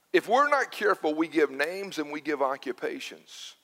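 A man's voice: fairly high pitch, moderate pace, few pauses. Emphatic man preaching in a reverberant hall. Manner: emphatic, repeats words, animated preaching. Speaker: pastor. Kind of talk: sermon.

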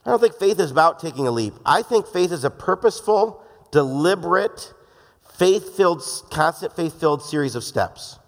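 This male pastor delivers a sermon in a loose, joking manner, taking on the voices of the people he quotes. His voice is fairly high, animated and at a normal speed, with some vocal fry. A long reverb makes him ring out as if in a large church hall.

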